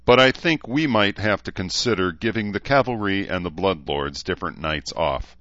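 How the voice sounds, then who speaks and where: Wordy, placating cavalry officer, read by a man; low register, slightly lo-fi. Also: normal speed, fairly bright tone, no room sound. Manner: wordy, conciliatory. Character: smooth male cavalry officer, placating and diplomatic.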